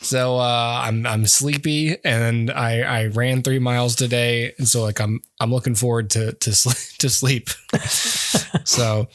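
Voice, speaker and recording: A man's voice: mid-range voice, fairly even intonation, unhurried, no room sound. Man, podcast co-host, tired, rambling, self-deprecating, dry close sound. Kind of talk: casual chat.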